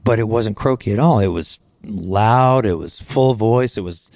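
A man's voice: fairly low pitch, measured pace, few pauses, a little mellow, no echo, studio quality. Earnest middle-aged man recounting his testimony. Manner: earnest, conversational, frequent you know. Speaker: Christian singer telling his testimony. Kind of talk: storytelling testimony in conversation. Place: recording studio. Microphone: close studio microphone.

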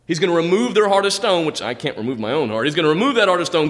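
Male pastor, sermon delivery, very animated pitch, long church reverb. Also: rapid-fire, hardly any pauses. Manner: animated preaching, pitch jumping high on emphasis. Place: church sanctuary.

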